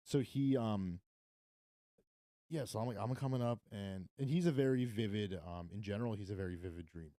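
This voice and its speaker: A man's voice: lowish voice, brisk, dark tone, dry recording, studio quality. A man telling a story in a casual podcast chat, rambling and restarting his sentences.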